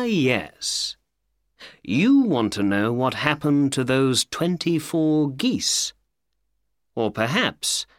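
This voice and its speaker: Man playing a composed, unhurried detective, lively pitch, storybook read-aloud. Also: no room sound, clean studio sound, heavily acted. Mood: calm. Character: calm, knowing male detective explaining a crime. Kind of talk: audiobook character voice.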